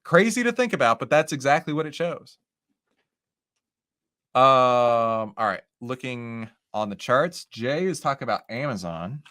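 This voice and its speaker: A man's voice: medium pitch, a little slow. A man hosting a live stock-trading stream, chatting casually to viewers as he walks through charts and often asks "right?". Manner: lively, animated, talks with chat and charts; says "right?" and "okay?" often. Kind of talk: casual live market commentary.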